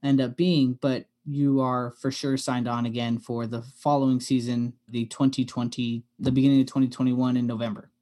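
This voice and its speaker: An upbeat podcast host chats in an easy, friendly way and keeps a middle pitch. He talks to his co-host like a friend. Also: flat delivery, moderate pace, hardly any pauses, warm tone. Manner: upbeat, friendly, says bro. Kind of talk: casual chat.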